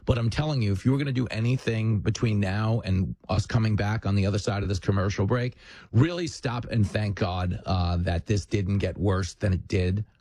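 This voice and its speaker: A man's voice: lowish voice, normal speed, darkish tone, no room sound. A male host delivering a punchy, combative political commentary monologue with jokes, on a studio mic.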